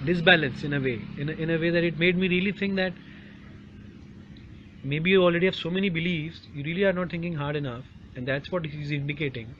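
Halting man asking a question. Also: fairly high pitch. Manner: halting, restarts often. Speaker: audience member asking a question. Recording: dull audio with faint noise.

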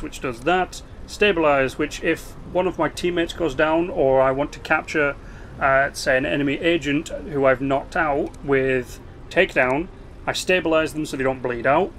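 A man giving casual commentary as he plays a strategy game, explaining its mechanics with quick asides and restarts. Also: on the high side, a bit bright, a little hiss or hum. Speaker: gaming video host.

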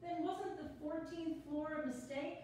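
A woman's voice: high-pitched, a little mellow, a little hiss or hum. Woman reading a jittery chatty lyricist. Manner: quick, jittery, self-mocking, laughs often. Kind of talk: reader's theater play reading. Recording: echoey room, far from the mic.

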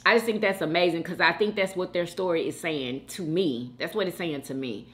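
A woman from Houston, hosting a mukbang and chatting warmly and emotionally with viewers in the chat. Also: lowish voice, a little fast. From Houston, Texas. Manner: chatty and emotional, calls viewers girl and sis. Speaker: mukbang host reading live chat. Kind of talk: casual chat.

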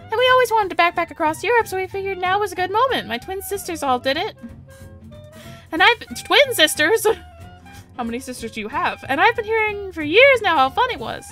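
A woman voicing a chatty, nosy young German woman tourist in her twenties, talking high and prying. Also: very animated, a little fast, bright, forceful tone, soft background music, full character voice. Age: 20s.

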